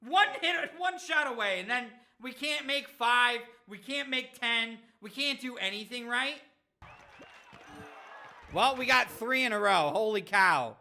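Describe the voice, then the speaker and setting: A man's voice: very high-pitched, expressive, a little slow, vocal fry, pushed and bright, a little hiss or hum. A young man raging and swearing while commenting on his own gameplay, breaking into wild cackles. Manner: screaming, swearing and cackling at the game. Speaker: gamer.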